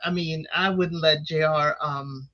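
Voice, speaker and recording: A woman co-hosting a casual recap show, talking in an expressive, playful way. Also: deep voice, unhurried. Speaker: podcast co-host. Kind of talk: casual reality-TV recap chat. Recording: dull lo-fi sound.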